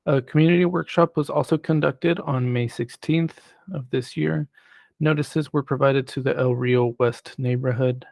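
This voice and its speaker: Gravelly man reading a staff report. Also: medium pitch, fairly even intonation, a little mellow, no room sound. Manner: measured, reads prepared remarks. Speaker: city planning staff presenter. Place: city council chamber.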